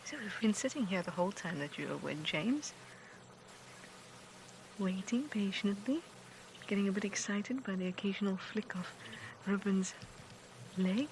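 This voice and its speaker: Softly whispering female safari guide. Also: mid-range voice, moderate pace, vocal fry, pauses often, slight background noise, rough recording. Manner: soft, often whispering, excited. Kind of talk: hushed live wildlife commentary. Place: outdoors in a game vehicle. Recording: outdoor live stream with wildlife ambience.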